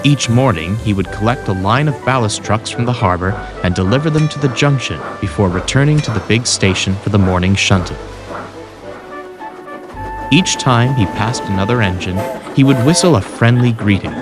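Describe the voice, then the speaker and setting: A man narrating a children's storybook in a scripted, expressive way. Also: lowish voice, normal speed. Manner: expressive, voices every character. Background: music.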